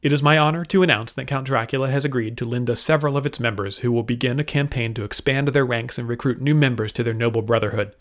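Pious nobleman addressing a crowd, formal and declaiming, mid-pitched male voice, read by a man narrating a serial. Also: quick pace, hardly any pauses, close to an everyday voice. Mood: solemn. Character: male nobleman giving a pious public speech.

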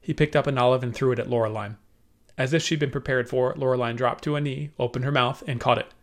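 A man narrating an audiobook with steady storytelling. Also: medium pitch, fast talker.

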